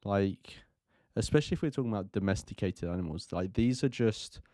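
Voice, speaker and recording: A man's voice: fairly low pitch, lively intonation, brisk, dark tone, no room sound, studio quality. A man hosting a live stream, reacting to a film in rambling casual commentary full of fillers.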